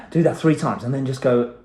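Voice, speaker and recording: A middle-aged self-help vlogger delivers a blunt, profanity-laced motivational talk straight to camera, laughing now and then. His voice is mid-range, warm, and a little fast.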